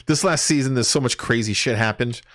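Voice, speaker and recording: A man's voice: mid-range voice, fairly bright tone, no echo, clean studio sound. Man rambling casually over gameplay. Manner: rambling, swears, sings and counts aloud while playing. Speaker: gaming streamer.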